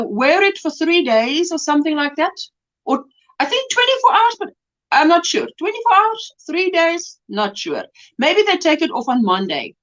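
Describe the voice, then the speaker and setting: A woman's voice: high-pitched, a bit bright. A middle-aged South African woman hosting a casual livestream, chatty and full of greetings and fillers. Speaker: livestream host. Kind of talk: casual livestream chat, reading comments. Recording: slightly dull lo-fi stream audio.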